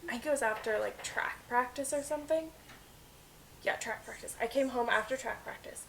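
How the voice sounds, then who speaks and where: A woman's voice: fairly high pitch, fairly quick, creaky, a bit bright, slight background noise. Chatty, teasing young woman. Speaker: podcast guest. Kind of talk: casual chat and storytelling.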